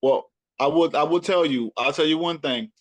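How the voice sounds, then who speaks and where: A man with a Southern US accent, a rapper talking loosely and repeating himself in a relaxed interview chat. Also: fairly high pitch, moderate pace. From Texas. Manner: loose, repetitive, laughing often. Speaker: rapper and podcaster guest. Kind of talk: casual chat.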